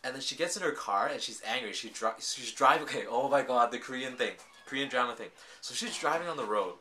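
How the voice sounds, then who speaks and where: A man casually recapping and reviewing a TV drama, telling the story in an animated way full of filler words. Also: mid-range voice, fast.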